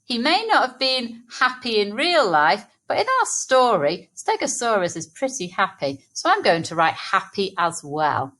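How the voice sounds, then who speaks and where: Lady teacher, sounds out words for little kids, slow and sing-song. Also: mid-range voice, sing-song, bright, forceful tone. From England. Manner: slow, clear, sounding out words for young children. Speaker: primary school teacher. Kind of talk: early-years phonics lesson.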